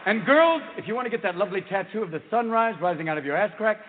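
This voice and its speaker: A man doing a manic stand-up comedy routine, firing off jokes and bursting into shouted voices. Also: high-pitched, animated, fast talker, noisy background. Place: large live venue. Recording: tinny, echoey live hall recording.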